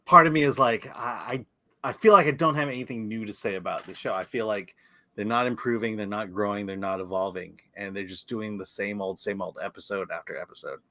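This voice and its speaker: A man's voice: fairly low pitch, brisk, sharp tone. A man co-hosting a film review livestream, talking casually and frankly with stammered restarts. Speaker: film review show co-host.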